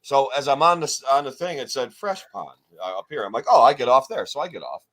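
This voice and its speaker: Male co-host, loose rambling storyteller, curses freely, average pitch. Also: fairly quick. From New York State. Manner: rambling, profane, animated retelling. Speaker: podcast co-host. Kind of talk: casual storytelling chat.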